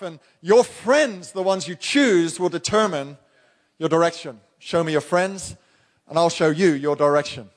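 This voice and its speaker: A male pastor with a high voice delivers a sermon from the pulpit. He talks straight at his congregation, pressing his points with emphatic, blunt rhetorical questions.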